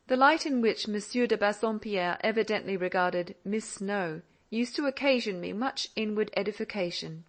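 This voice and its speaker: A woman narrating a classic novel in an audiobook, measured and reflective. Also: mid-range voice.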